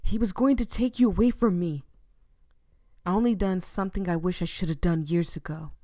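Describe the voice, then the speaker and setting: A man's voice: sits high, lively intonation, normal speed, dark tone, no room sound, studio quality. A woman voicing an obsessive, possessive young man who speaks in intense declarations.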